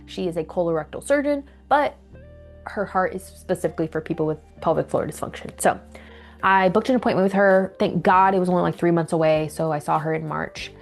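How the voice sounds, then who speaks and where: A young woman telling a personal story to camera in a candid, animated way, acting out what people said. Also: fairly low pitch, brisk, soft background music. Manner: candid, animated retelling with acted quotes. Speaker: vlogger.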